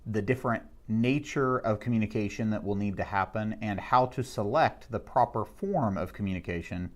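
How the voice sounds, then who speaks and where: Man giving a measured classroom lecture. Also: fairly low pitch. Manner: measured, explanatory, with slowed emphasis on key words. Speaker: instructor. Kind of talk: recorded lecture summary.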